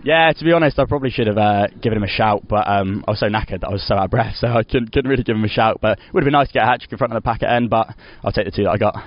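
A man's voice: fairly low pitch, rapid-fire, hardly any pauses, highs cut off. A young man, a footballer, chatting in an interview, rambling with lots of "you know" and restarts. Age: young adult. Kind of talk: casual post-match interview.

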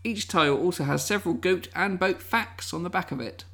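A man's voice: high-pitched, fairly quick, a bit bright. A man co-hosting a casual chat, playfully reading out game descriptions and laughing often. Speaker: podcast co-host presenting a guessing game.

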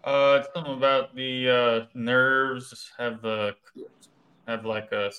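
A man hosting a casual interview, his voice bright and forward, sitting at an ordinary middle pitch. He speaks tentatively, pausing on fillers while he searches for words. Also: level tone.

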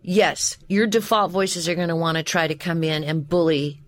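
A middle-aged woman with a slightly low-pitched voice talks shop as a voice coach in a relaxed podcast interview. She sounds eager and expressive as she explains her ideas. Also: normal speed, slight background noise. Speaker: voice coach and voice actress.

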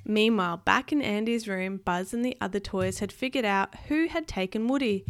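A woman reading a storybook aloud to a child at home, patient and gentle. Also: mid-range voice, normal speed, few pauses, no echo.

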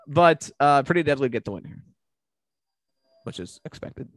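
A man's voice: medium pitch, animated, measured pace, no room sound. A man hosting a casual recap chat, rambling with fillers and swearing freely. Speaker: podcast host.

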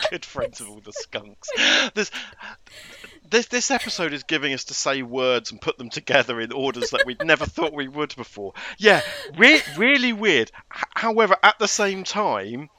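A man co-hosting a casual podcast chat, animated and often stumbling over repeated words. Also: a little high, moderate pace. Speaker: podcast co-host.

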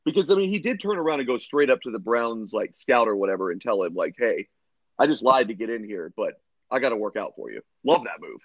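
A man's voice: mid-range voice, sing-song, fairly quick, dry recording, lo-fi sound. A man co-hosting a casual sports podcast, talking in a laid-back way and swearing freely. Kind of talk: casual chat.

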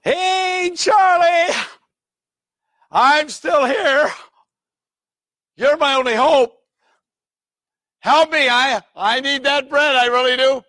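A preacher putting on a desperate begging man, high and loud. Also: slow pace, pauses often, no echo, heavily acted. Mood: pleading. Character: desperate man pleading with his neighbor at night.

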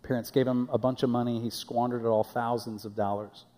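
A man preaches in a loose, conversational way and often repeats his words as he goes. His pitch sits in the middle range. His voice carries the long reverb of a church sanctuary. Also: level tone, brisk, dark tone. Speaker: pastor. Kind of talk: sermon.

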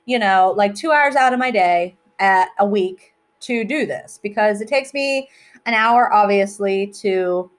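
A woman hosting a casual solo podcast. She chats freely and rambles, and she often breaks off to joke about herself. Her voice sits in an ordinary middle pitch. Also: unhurried. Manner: chatty, rambling, self-mocking. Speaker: podcast host.

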